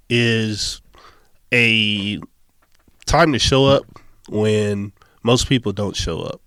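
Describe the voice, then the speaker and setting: A man's voice: fairly low pitch, a bit bright, no room sound. A man in his thirties, a podcast guest telling stories in casual chat and laughing often.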